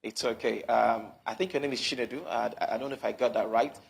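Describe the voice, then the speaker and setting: Gravelly, flat-voiced male journalist. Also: mid-range voice, quick pace. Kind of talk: live TV interview.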